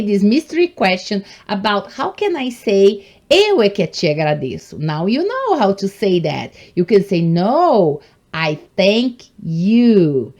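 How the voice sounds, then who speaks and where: A woman teaches English in an online lesson. Her pitch swings widely and she speaks slowly and deliberately. She keeps encouraging her viewers and addresses them as guys. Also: dark tone. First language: Portuguese.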